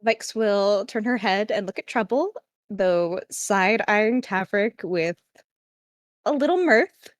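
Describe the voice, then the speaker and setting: A woman's voice: medium pitch, lively intonation, takes it slowly, no room sound, clean studio sound. A woman narrating her character's actions in a tabletop game in a chatty, loose way with lots of fillers.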